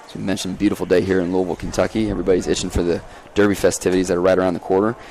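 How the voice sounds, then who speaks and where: A man giving live play-by-play commentary on a lacrosse game outdoors, folksy and energetic as he calls the action. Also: deep voice, rapid-fire, a little hiss or hum.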